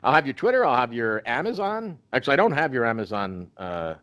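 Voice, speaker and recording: A man's voice: mid-range voice, sing-song, a little fast, fairly bright tone, no echo. A man hosting a podcast in casual chat, rambling with many restarts and fillers. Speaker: podcast host.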